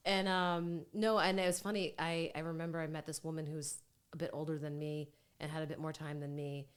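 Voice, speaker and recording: Chatty candid woman, lowish voice. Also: flat delivery, a little fast, clean tone. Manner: chatty, candid, self-mocking. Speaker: guest. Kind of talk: casual chat.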